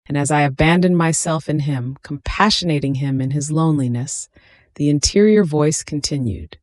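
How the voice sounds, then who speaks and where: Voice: mid-range voice, moderate pace, a little mellow, no room sound. Solemn devotional reader, dry close sound. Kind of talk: devotional reading.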